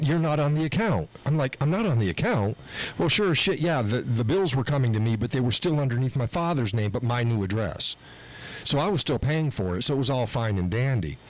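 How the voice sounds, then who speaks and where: A man's voice: lowish voice, a little hiss or hum, rough recording. A man hosting his live show, telling an exasperated story with swearing and rising heat. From USA. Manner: animated, exasperated, swears freely. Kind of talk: casual storytelling rant. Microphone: mixer board mic.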